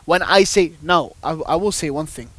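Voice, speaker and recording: A man's voice: fairly high pitch, moderate pace. Fervent man telling religious stories. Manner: emphatic, rhetorical questions, rising intensity. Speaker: guest speaker on a religious panel. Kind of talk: religious discussion, storytelling.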